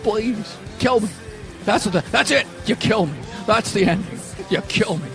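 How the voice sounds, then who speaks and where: A man's voice: high-pitched, expressive, moderate pace, gravelly, over music. A man doing a comedic impression of a stammering, folksy old-time film leading man, drawling and pleading. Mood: indignant.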